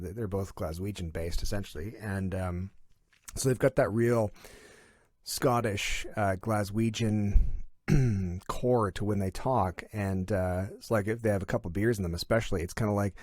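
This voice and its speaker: A middle-aged man from Canada, chatting casually and telling animated stories, slipping into playful impressions. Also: fairly low pitch, moderate pace, no room sound, clean studio sound. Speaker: comedian and voiceover artist as guest. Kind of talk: casual chat.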